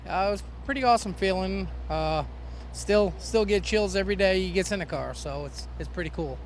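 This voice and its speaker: Gravelly race crew man. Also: high voice, fairly quick, a little hiss or hum. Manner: short, plain answers. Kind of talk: brief interview answers. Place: outdoor race garage.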